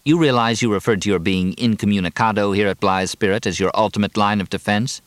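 A man's voice: lowish voice, steady tone, fast, dry recording, natural voice. A man voicing a dry, terse middle-aged father. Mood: wry.

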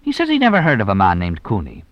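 A man's voice: on the low side, wildly swooping pitch, fast talker, no room sound, muffled recording. A man voicing a shrewd, teasing police inspector who probes with dry, mock-innocent questions. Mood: sly.

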